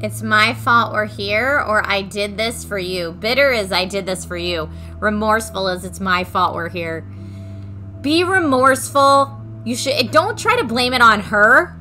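A woman's voice: medium pitch, unhurried, bright, forceful tone, faint music behind. A woman giving casual, reactive commentary over a video game playthrough, talking back to the screen. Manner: reactive, chatty, talks to the game. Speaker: gaming streamer.

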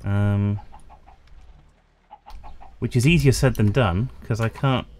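A man's voice: lowish voice, takes it slowly, a little mellow. A man with a slightly strained voice, rambling casually to his chat as he plays a game. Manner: rambling, chatty, self-deprecating, talks to chat. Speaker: streamer. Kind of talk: casual gameplay commentary.

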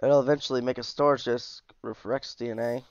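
A man's voice: medium pitch, fairly even intonation, brisk, dry recording, muffled recording. A man casually commenting as he shows off a game mod, easygoing and chatty, sounding tired. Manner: chatty, easygoing, with asides and trailing off. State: tired, yawning. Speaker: mod reviewer.

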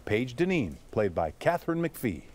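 A man reporting an entertainment news feature with an upbeat, lively delivery. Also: medium pitch, moderate pace.

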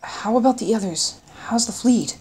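A woman's voice: a little high, moderate pace, darkish tone, slightly rough, voice pushed up. A woman narrator voicing a male ship captain giving urgent commanding calls in a battle.

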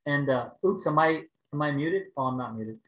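A man preaching over a video call, telling a personal story in an animated way and raising his voice for the prayers. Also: on the high side, moderate pace, echoey room, phone-quality sound. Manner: animated storytelling, rising to loud exclaims when acting out prayers. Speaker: pastor.

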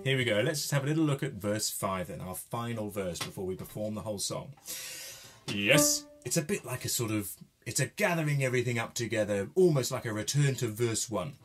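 A man's voice: medium pitch, sing-song, a little fast. A man leading a group singing lesson, coaching and encouraging his singers. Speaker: singing workshop leader. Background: piano playing.

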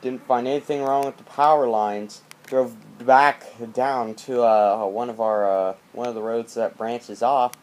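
A man's voice: medium pitch, fairly even intonation, unhurried. A man talking in a rambling, joking way in a casual late-night vlog, recorded on a tablet's built-in mic at home during a power outage. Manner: rambling, jokey, repeats himself. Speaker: vlogger. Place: dark house during power outage, indoors.

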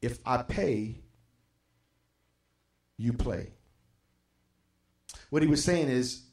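A man's voice: medium pitch, lively intonation, very slow, pauses often, darkish tone. A male pastor preaching a sermon, swinging from impassioned emphasis to near-whispers and repeating phrases for effect. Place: church sanctuary. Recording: echoey church sanctuary.

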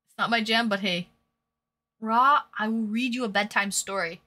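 A woman's voice: on the high side, normal speed, pushed and bright. A woman hosting a live stream in casual chat, reading viewers' messages aloud and answering them.

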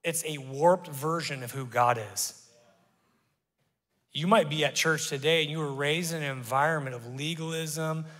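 A middle-aged pastor with a voice on the high side preaches a sermon, swinging between loud, emphatic calls and hushed, confessional asides. A stage microphone in a church auditorium captures him, with live church-hall reverb.

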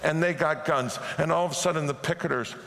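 Pastor type, male, very gravelly voice, lively storyteller; recorded in a long-reverb church hall. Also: fairly high pitch, brisk. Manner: animated storyteller who acts out the people in his stories. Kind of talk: sermon storytelling. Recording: echoey hall.

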